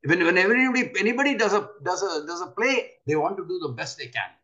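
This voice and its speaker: An older man giving an earnest spiritual talk, often pausing to ask his listeners rhetorical questions. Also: high voice, expressive, sharp tone, dull audio. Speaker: spiritual teacher.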